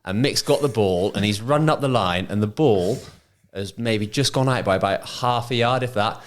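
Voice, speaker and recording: A man, a former footballer on a podcast, telling anecdotes in a measured way with hesitant fillers. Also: fairly low pitch. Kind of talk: casual chat.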